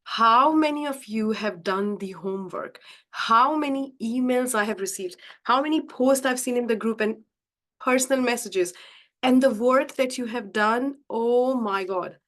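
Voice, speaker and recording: A woman's voice: on the high side, a little slow, fairly bright tone. A woman leading a live-streamed coaching session, speaking effusively and repeating phrases for emphasis. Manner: addresses the audience directly as guys. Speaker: mindset coach hosting a live group session.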